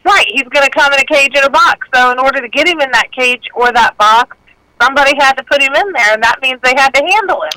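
A woman's voice: high voice, quick pace, bright, forceful tone, no echo. A woman calling in to a radio show, talkative and folksy, heard over a phone line. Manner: talkative, self-deprecating, folksy. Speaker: radio caller. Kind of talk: casual phone-in chat.

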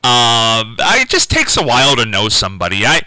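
A man hosting a call-in radio show, talking unscripted and halting, often repeating words and restarting. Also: medium pitch, huge pitch swings, bright, forceful tone, dry recording, rough recording. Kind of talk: casual unscripted call-in talk.

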